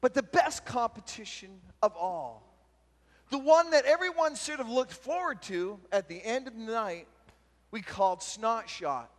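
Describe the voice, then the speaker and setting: A youth pastor giving an animated storytelling talk at a youth retreat and shouting out the punchlines. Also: male voice, very high-pitched, a little slow. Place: large retreat meeting hall. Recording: long hall reverb from a live talk.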